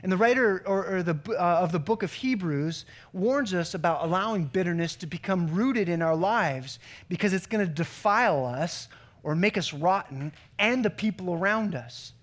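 A man's voice: sits high, animated, moderate pace. A man pastor giving a sermon in a conversational way, with joking asides and stories. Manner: conversational preaching with joke-telling asides.

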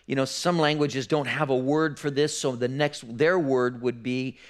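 A man's voice: mid-range voice, fairly even intonation, moderate pace. Male pastor preaching with "right?" checks. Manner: explanatory, frequent "right?" checks, repeats words when restarting. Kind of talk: sermon.

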